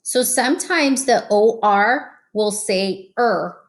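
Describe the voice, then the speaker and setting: A woman teaching a phonics lesson to children, slow and patient, stretching out each sound. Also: on the high side.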